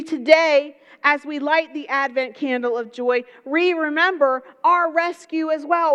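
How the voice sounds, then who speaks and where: A woman preaching a sermon, telling the story in a lively way with folksy asides. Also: high-pitched, big-room sound, highs cut off.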